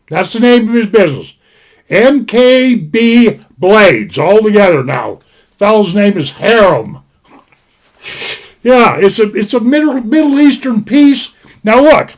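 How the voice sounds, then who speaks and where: Older guy with a really high voice, rambly folksy webcam review at his desk, keeps spelling stuff out. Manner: rambling, folksy, repeats himself and spells out words. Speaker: knife reviewer. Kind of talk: casual sit-down review. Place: indoors at a desk.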